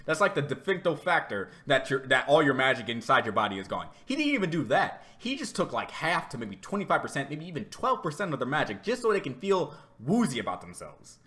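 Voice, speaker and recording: A man giving a rambling, animated reaction commentary, laughing often and repeating himself as he talks. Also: a little high. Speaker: reaction video host.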